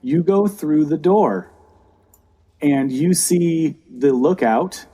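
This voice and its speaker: A man narrating a tabletop game as dungeon master, pausing often with ums and uhs. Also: on the high side, lively intonation, warm tone, breathy edge. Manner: hesitant, many ums and uhs.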